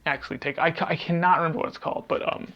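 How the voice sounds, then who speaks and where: A man's voice: on the high side, steady tone, very fast, bright, forceful tone, lo-fi sound, slight background noise. A man co-hosting a podcast in casual chat, rambling and trailing off as he hunts for what he wants to say. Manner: rambling, trails off hunting for titles. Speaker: podcast co-host.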